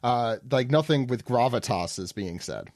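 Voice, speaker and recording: A man co-hosting a podcast in casual chat, talking in an animated, hesitant way with many likes and restarts. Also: mid-range voice, moderate pace, no echo, studio quality.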